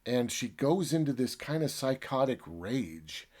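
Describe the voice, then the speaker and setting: A man's voice: medium pitch, sing-song, a little slow, a little mellow. A man reviewing a book by retelling its plot in a chatty, filler-heavy way. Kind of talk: casual story retelling.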